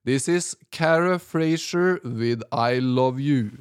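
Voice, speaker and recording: A man hosting a music podcast, talking in a casual, halting way with many "uh" fillers as he reads out listener thanks. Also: medium pitch, clear, resonant tone. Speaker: podcast music show host.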